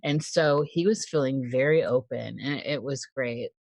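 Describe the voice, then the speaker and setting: The host of an interview show, answering the guest with quick affirmations and sharing a family story in casual conversation. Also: mid-range voice, gravelly, dry recording. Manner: responsive listener, quick affirmations and frequent laughter. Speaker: podcast host.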